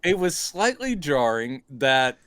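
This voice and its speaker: A man's voice: medium pitch, sing-song, takes it slowly, fairly bright tone, dry recording. A man co-hosting a comedic movie review podcast, cracking dry, sarcastic jokes. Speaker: podcast co-host.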